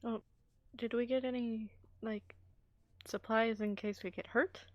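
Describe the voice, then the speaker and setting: A woman's voice: fairly high pitch, fairly even intonation, unhurried, no room sound, dull audio. A woman playing a tabletop game, chatty and joking. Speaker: player. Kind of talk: casual play chat.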